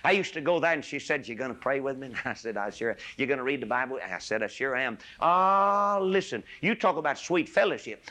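An older man preaching a sermon, swinging from loud, impassioned peaks to hushed asides. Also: medium pitch, animated, a little fast, hardly any pauses.

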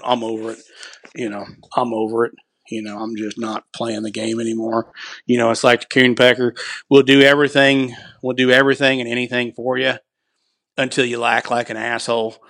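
A man's voice: mid-range voice, little pitch movement, fairly quick, vocal fry, a bit bright, no echo. A man talking on a podcast as a guest who runs a shooting event, blunt and profane, rambling with lots of "you know" fillers. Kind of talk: casual podcast conversation.

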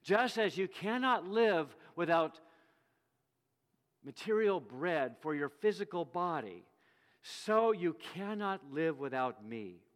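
A man preaching a sermon, telling the story with animated delivery and acting out the quoted voices. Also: fairly high pitch, takes it slowly. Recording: long reverb of a hall.

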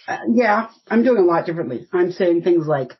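A woman's voice: fairly low pitch, animated, fairly quick, slightly rough, muffled recording. A woman in her fifties from the United States, a podcast guest telling rambling, anecdotal stories in casual interview chat. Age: 50s.

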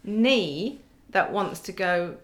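A woman's voice: medium pitch, expressive, extremely slow. A woman in her forties chatting as a podcast guest, wry and self-mocking, often laughing as she talks. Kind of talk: casual chat.

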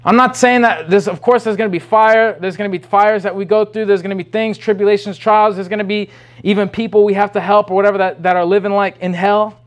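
A man's voice: high-pitched, fairly even intonation, fast talker. A man preaching an informal sermon, rambling and restarting often, then pressing with urgent questions.

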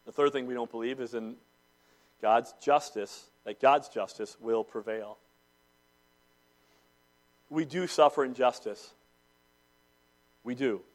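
A man preaching a sermon to a congregation in a church, swinging between loud declarations and hushed intensity. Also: mid-range voice, slow, pauses often. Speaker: pastor.

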